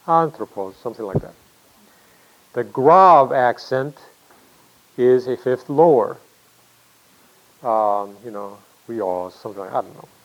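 A man giving a classroom lecture, explaining patiently, thinking aloud with many pauses and fillers and putting questions to himself. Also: mid-range voice, dull audio.

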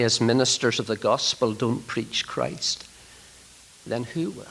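A man preaching a sermon to trainee ministers, swinging from loud emphatic declarations to hushed, near-whispered lines. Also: medium pitch, measured pace, gravelly, low-quality recording.

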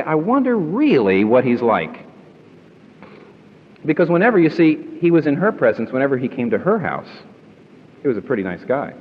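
A man preaching an emphatic sermon to a congregation, often putting questions to his listeners. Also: mid-range voice. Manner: emphatic, asks the audience questions. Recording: muffled recording in a reverberant hall.

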